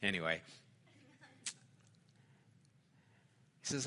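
A middle-aged man preaching a sermon in a conversational way, swinging from loud emphasis down to quiet, intimate asides. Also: on the high side, animated, unhurried. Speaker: pastor.

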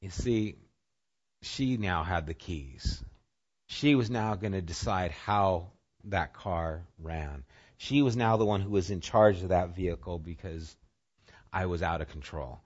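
Conversational preacher, muffled lo-fi sound. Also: male voice, deep voice, slow, long pauses. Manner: conversational, swings from loud and punchy to quiet and intimate. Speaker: pastor. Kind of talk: sermon with personal storytelling.

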